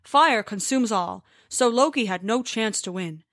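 A woman voicing a male giant who calmly explains his tricks in a storybook tale. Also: fairly high pitch, measured pace, no echo, studio quality. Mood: explaining. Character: huge cheerful male giant.

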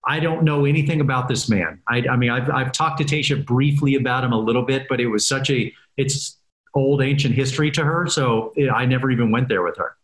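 A man's voice: medium pitch, brisk. Chatty man with a roomy echo. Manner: chatty, upbeat, laughs easily. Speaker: guest, reality dating show host. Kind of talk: casual interview chat.

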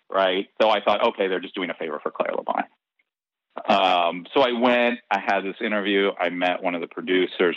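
A man being interviewed tells a long personal anecdote in a casual, animated way, acting out the dialogue and laughing between lines. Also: fairly low pitch, dry recording. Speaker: interview guest. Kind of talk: casual storytelling. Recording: dull, lo-fi dry recording.

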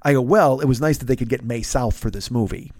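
A man in his fifties, a podcast host, telling a long story in an animated, profane, self-mocking way. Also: medium pitch, fast, no room sound. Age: 50s. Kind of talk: storytelling monologue.

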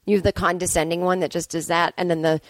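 A woman comic in her forties riffs alone at home, sarcastic and freely swearing as she vents. Her voice sits at an ordinary middle pitch, and the close recording is dry with no room sound. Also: level tone, quick pace, dry recording. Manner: sarcastic, profane ranting. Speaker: comedian and podcast host. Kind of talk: casual solo monologue.

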